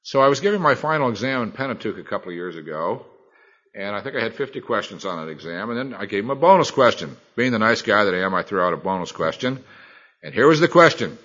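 A man's voice: on the low side, big pitch swings, fast talker, fairly bright tone, muffled recording. A middle-aged man, a Bible teacher, preaching a sermon in a folksy, colloquial storytelling manner.

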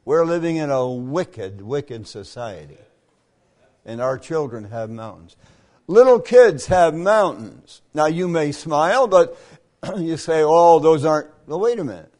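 An older man preaching a camp meeting sermon in a folksy storytelling manner, often clearing his throat. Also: a little high, sing-song, a little slow, darkish tone.

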